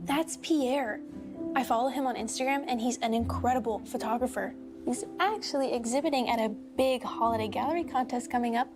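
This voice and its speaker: A woman's voice: fairly high pitch, fairly quick, lightly acted. A woman acting in a scripted skit as a pushy young woman setting up her friend, with an eager, scripted delivery. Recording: clip with music behind.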